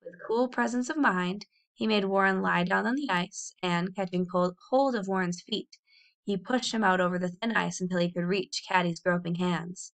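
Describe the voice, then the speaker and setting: A woman reading a children's novel aloud in a clear, expressive storytelling voice. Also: on the low side, moderate pace. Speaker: audiobook reader.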